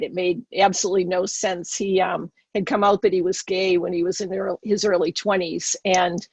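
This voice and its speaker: A woman's voice: fairly low pitch, vocal fry, darkish tone, slightly rough, no room sound. A middle-aged woman with a Boston accent, telling her personal story earnestly as a podcast guest.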